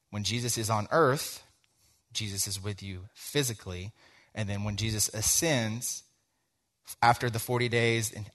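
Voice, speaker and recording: A man's voice: fairly low pitch, fairly bright tone. Conversational young man preaching. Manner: conversational, tells a story with quoted dialogue, frequent "like". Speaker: teacher giving a sermon. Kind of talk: sermon with personal story.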